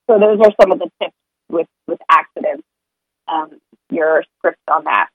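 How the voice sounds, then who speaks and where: Sharing potty-training advice on a casual podcast, a woman speaks earnestly and rambles, circling back on her words and acting out sing-song parent scripts. Her slightly husky voice sits in a middle range yet is fairly low in pitch, at normal speed. The audio is dull, dry and close, with no room echo.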